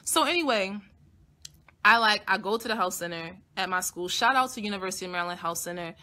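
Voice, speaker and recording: A young woman vlogger telling a personal story to her audience in a blunt, profane, animated way. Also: mid-range voice, fast talker. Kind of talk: casual storytelling to camera.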